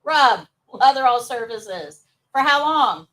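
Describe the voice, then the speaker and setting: High-voiced woman teaching a class. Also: expressive, slow, fairly bright tone, distant mic, poor audio. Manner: upbeat, coaxing students to answer. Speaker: nursing assistant instructor. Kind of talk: live classroom lesson.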